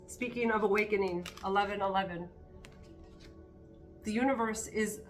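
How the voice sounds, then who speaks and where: A woman's voice: mid-range voice, fairly bright tone. A woman giving a spiritual card reading to her viewers, talking in an earnest, encouraging way with spontaneous asides. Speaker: tarot card reader.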